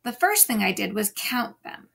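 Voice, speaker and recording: A woman's voice: medium pitch, very animated, moderate pace, creaky, fairly bright tone. A woman reading a story aloud to a class, acting out the characters and stopping to ask the listeners questions. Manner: voices the characters and sings the song lines.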